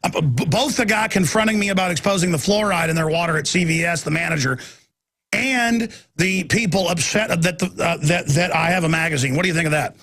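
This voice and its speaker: A man in his forties hosts a radio talk show, brisk and a bit bright in tone. He tells a rambling story and breaks into high, mocking squeals whenever he imitates people.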